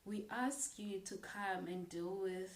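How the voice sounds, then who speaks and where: A woman's voice: mid-range voice, takes it slowly, roomy sound, low-quality recording. A young South African woman with a South African accent, speaking bluntly and with passion in a casual opinion vlog, swearing freely. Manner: blunt, profane, impassioned. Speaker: vlogger.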